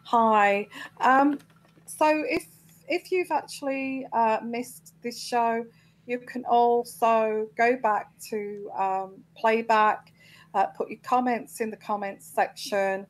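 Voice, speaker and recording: A woman's voice: fairly high pitch, fairly even intonation, slow pace, rough recording. A woman hosting her own live tarot show, talking to viewers with many ums and restarts. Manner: hesitant, full of ums and restarts, indignant at trolls. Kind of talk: live-stream chat to viewers.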